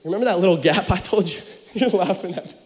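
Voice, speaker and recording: A young man preaches with an animated, joking storytelling manner. His voice sits high for a man. Long reverb rolls through the large church hall around him. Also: quick pace. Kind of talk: sermon.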